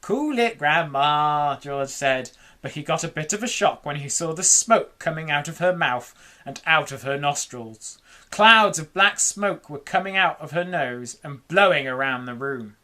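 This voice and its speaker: A woman reading a children's book aloud in an animated, dramatic way. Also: low voice, moderate pace. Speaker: storyteller.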